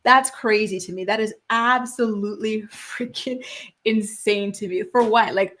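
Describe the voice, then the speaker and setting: A young woman hosting a pop culture gossip show, chatting casually and reading viewer comments with sassy, animated reactions. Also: medium pitch, a little slow. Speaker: host.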